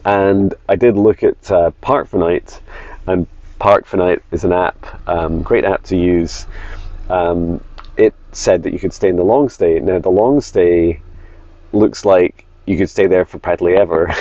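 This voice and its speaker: A man's voice: low voice, steady tone, measured pace, mellow, dry recording, lo-fi sound. A man vlogging casually from his campervan, musing aloud with enthusiasm as he talks into a phone. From Scotland. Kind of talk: casual travel vlog. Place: inside a campervan while driving.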